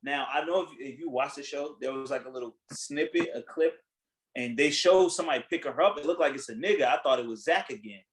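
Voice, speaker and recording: A man hosting a podcast in casual chat, retelling a reality show in a blunt, animated way, acting out what people said and swearing freely. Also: a little high, fairly quick, slight background noise, low-quality recording. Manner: animated storytelling, acting out quotes. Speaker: podcast host.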